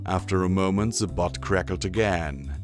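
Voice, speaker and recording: A man narrating a first-person audiobook in an expressive storytelling manner. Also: low-pitched, moderate pace, soft background music.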